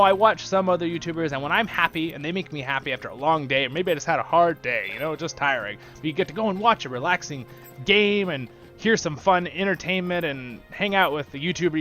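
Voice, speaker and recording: An enthusiastic male gaming host talks through his play in a casual, rambling way. His voice is bright and lively, rising and falling a lot. Faint game music sits underneath. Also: fairly high pitch. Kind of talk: casual gameplay commentary.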